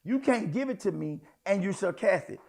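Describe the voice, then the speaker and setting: A man preaching a sermon in a folksy, conversational way, swinging between hushed asides and loud outbursts. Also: high voice, lively intonation, moderate pace, creaky. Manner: folksy, addresses congregation as y'all, child, honey. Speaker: apostle preaching.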